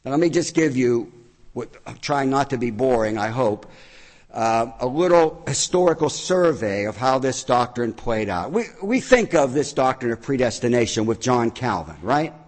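A man's voice: medium pitch, expressive, normal speed, in a large hall. A man preaching a sermon from the pulpit, teacherly, repeating phrases to stress a point. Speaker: pastor. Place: church sanctuary.

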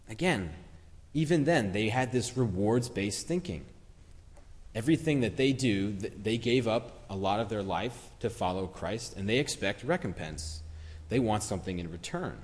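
A man's voice: lowish voice, animated, moderate pace, long reverb tail. A man giving a sermon in a conversational, reflective way, acting out short quotes as he retells a story. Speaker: preacher.

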